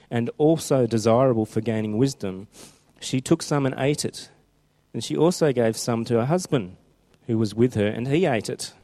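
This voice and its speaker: Warm-toned man preaching a chatty sermon. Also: mid-range voice. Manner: chatty storytelling, rising into animated scripture reading.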